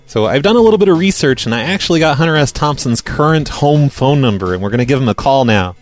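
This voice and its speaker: A man's voice: mid-range voice, expressive, fast talker, hardly any pauses, faint music behind. A man hosting a casual podcast, chatting offhand and making sarcastic jokes. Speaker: podcast host.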